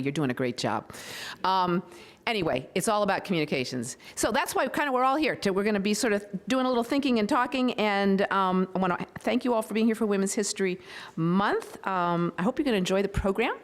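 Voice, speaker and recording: A woman, a local official, hosts a public event as master of ceremonies, chatting informally with asides and fillers before reading a proclamation. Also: medium pitch. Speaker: county board member, master of ceremonies. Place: public event room with an audience.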